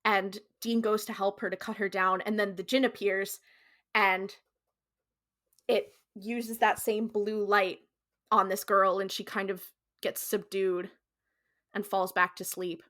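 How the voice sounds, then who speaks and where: A woman co-hosting a casual podcast and recapping an episode scene by scene. Her voice is bright and ringing, and her pitch sits in the middle of the usual range. She talks in a loose, animated way, full of "like" fillers and quick switches into quoted lines. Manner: animated storyteller, slips into quoted character voices; frequent "like" fillers, casual swearing. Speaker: podcast co-host.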